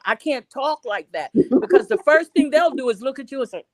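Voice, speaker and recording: A woman co-hosting a casual panel chat, lively and animated, acting out voices from everyday street talk. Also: high voice, fairly quick, no echo. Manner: animated, acts out street dialogue. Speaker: co-host.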